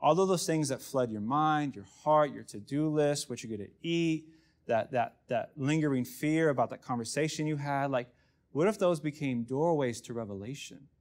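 A man preaching a sermon as pastor, conversational and self-deprecating, often dropping to a hush for emphasis. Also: mid-range voice, moderate pace.

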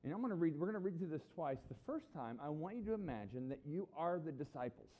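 A man's voice: a little high, fast, dull audio. A middle-aged man preaching a sermon as a pastor, talking conversationally and acting out the people he quotes. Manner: conversational, animated, acts out quoted voices.

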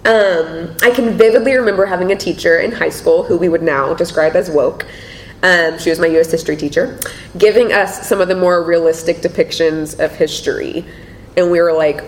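A woman speaking to an audience in a lively, conversational way, telling stories with laughter. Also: moderate pace. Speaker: panel speaker. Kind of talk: conversational talk with anecdotes. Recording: echoey room with faint rumble.

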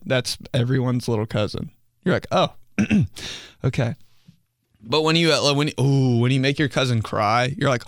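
A man's voice: mid-range voice, normal speed, fairly bright tone, dry recording, studio quality. A young man casually hosting a solo podcast, joking loosely in slang and laughing between stories. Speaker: podcast host.

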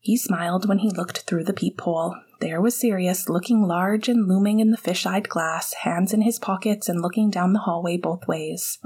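A woman reading a story aloud in a soft, calm voice that sometimes drops to a whisper. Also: lowish voice, moderate pace, hardly any pauses, husky. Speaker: reader. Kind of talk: audiobook narration of fan fiction.

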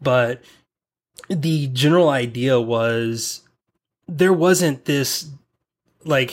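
A man from the American South co-hosting a casual podcast chat, using lots of likes and fillers. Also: mid-range voice. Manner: unhurried, drawn out, with likes and fillers.

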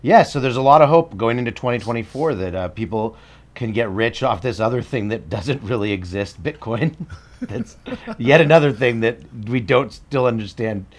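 A man of middling pitch co-hosting a casual podcast. He speaks bluntly and brushes things off with short, dismissive remarks. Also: normal speed. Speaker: podcast co-host.

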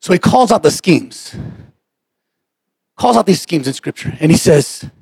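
A man preaching a sermon as pastor, impassioned and often shouting. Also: on the high side, big pitch swings, unhurried, creaky, breathy edge, dry recording. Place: church sanctuary.

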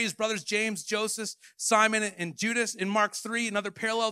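A man with a high, bright voice preaches with lively energy, jumping from hushed, quiet asides to loud, ringing declarations. His sound is close and dry, with hardly any room around it. The tone is that of a pastor giving a Sunday sermon. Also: moderate pace, clear, resonant tone, no room sound. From Canada. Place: church hall.

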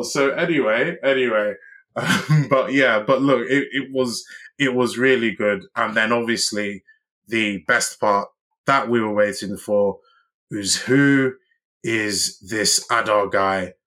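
Male podcast co-host, lowish voice, loose and rambling review talk with lots of ums and restarts. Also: pushed and bright. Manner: rambling, many restarts and fillers. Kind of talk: casual TV review chat.

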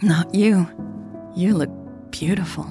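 A woman narrator voicing a shy, tender young woman who speaks softly and hesitantly in an audiobook. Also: lowish voice, slow, over music, voice pushed up. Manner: soft, hesitant.

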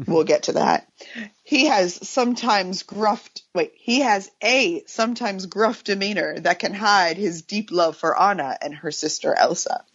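A woman's voice: medium pitch, measured pace, slightly rough. A woman co-hosting a podcast, playful and teasing in casual chat. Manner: playful, teasing, reads with flair. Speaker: podcast co-host. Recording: dull lo-fi podcast audio.

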